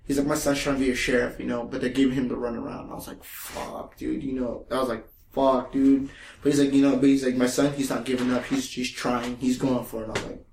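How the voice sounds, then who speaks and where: Male podcast co-host, animated storyteller who swears freely, recorded in an echoey room. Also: mid-range voice, quick pace, creaky, slight background noise. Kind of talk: casual chat.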